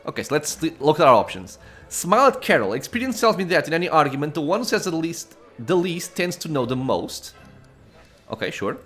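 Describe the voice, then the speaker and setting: A man hosting a let's play, reading the game's story text aloud with casual asides and quick self-corrections. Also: a little high, sing-song, a bit bright, faint music behind.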